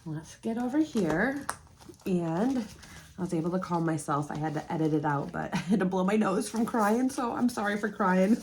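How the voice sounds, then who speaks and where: A woman talks casually to her viewers while counting bills aloud in a low, mellow voice. Her talk is warm with gratitude and excitement about her savings. A faint hiss sits under the recording. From United States. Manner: emotional and grateful, counting aloud. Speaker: budgeting vlogger. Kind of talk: casual chat to camera while counting cash.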